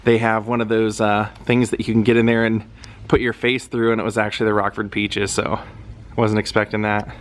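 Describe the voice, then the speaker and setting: A man's voice: lowish voice, level tone, fairly quick. Chatty man vlogging outdoors. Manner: rambling, chatty, with frequent ums. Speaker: travel vlogger visiting film locations. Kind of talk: casual walking vlog narration. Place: outdoors around a baseball stadium.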